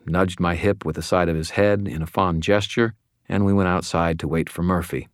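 A man narrating a first-person fantasy audiobook in a steady, wry storytelling manner. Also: sits low, no echo, studio quality.

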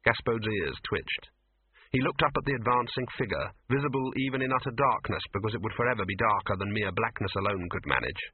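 A man reads a story aloud with animated, expressive storytelling. His voice is husky and his pitch moves a lot. The sound is dry and thin, like a phone line. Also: a little fast, no echo. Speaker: narrator. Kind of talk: audiobook reading on radio.

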